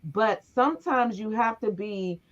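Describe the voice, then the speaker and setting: Animated middle-aged woman telling stories. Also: medium pitch, a little slow. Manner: animated storyteller, acts out voices in her stories. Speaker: podcast host. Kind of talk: casual conversation, storytelling. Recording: muffled, lo-fi recording.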